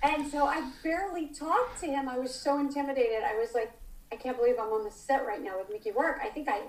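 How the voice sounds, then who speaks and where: A middle-aged woman telling a story in casual chat. She is animated and acts out the dialogue as she goes. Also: high voice, a little fast. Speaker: guest storyteller. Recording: roomy echo.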